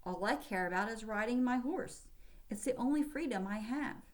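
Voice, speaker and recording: A woman's voice: on the high side, expressive, pitched above the performer's own voice, natural voice. A woman reading aloud, voicing a spirited young servant girl who speaks earnestly. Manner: earnest, quick-tempered.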